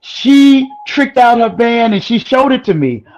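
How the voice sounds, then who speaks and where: A woman guest in a casual chat, telling a personal story in an animated, rambling way with frequent exclamations. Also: fairly high pitch, unhurried, lo-fi sound.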